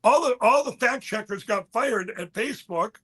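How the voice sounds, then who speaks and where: As an interview guest, a man with a high, husky voice tells a story at normal speed. Bright and forceful in tone, he rambles animatedly, stopping to quote other people and restarting his sentences.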